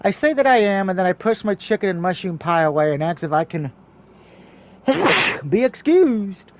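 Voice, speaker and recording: A man streaming a story game, reading its text aloud and breaking off for quick, joking asides. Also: high voice. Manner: mixes steady reading with quick, jokey asides.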